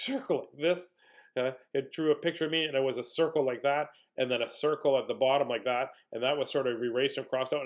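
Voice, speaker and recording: A middle-aged man, reading picture books and telling stories to kids in a playful, animated way with lots of laughter. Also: medium pitch. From Manitoba, Canada. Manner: silly, animated, laughs often. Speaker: children's entertainer reading aloud. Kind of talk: playful read-aloud storytelling for kids.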